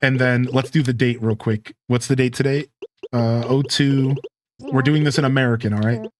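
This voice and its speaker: A man live-streaming a modded life-sim game, chatting casually to his viewers and himself in a relaxed, slangy way. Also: mid-range voice, moderate pace, a little hiss or hum.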